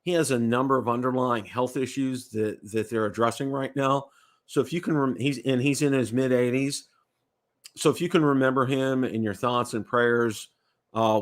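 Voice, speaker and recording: A man's voice: medium pitch, a bit bright. A man from the United States hosting a casual livestream chat, rambling, repeating words and checking in with "okay?". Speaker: livestream host.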